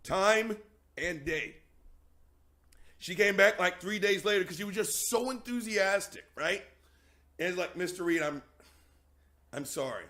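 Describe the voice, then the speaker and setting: A man's voice: sits high, a little slow, long pauses, pushed and bright. A man telling an emphatic, profane story to an audience he calls "gang".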